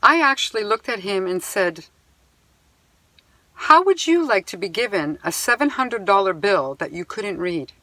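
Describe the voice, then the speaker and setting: A Canadian woman vlogs an upset personal account to camera, indignant and venting in a mid-range voice with lively intonation and a sharp tone. Unhurried, she retells it emphatically with sighs and reads items off a bill; the sound is dry and close, with no echo.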